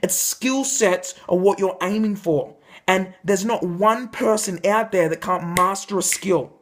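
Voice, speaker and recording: A young man coaching viewers in an emphatic motivational talk to camera, shifting his pitch for effect. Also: unhurried, fairly bright tone. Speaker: life coach.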